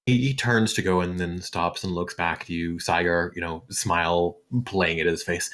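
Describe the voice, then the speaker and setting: A man narrating a tabletop game as game master, in a relaxed way full of fillers. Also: deep voice, normal speed, hardly any pauses.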